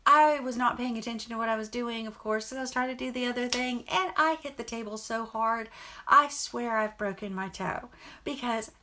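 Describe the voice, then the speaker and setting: A woman's voice: fairly high pitch, moderate pace, sharp tone. A middle-aged woman and mother, chatting to camera in a rambling, earnest storytelling vlog. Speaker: vlogger and mother.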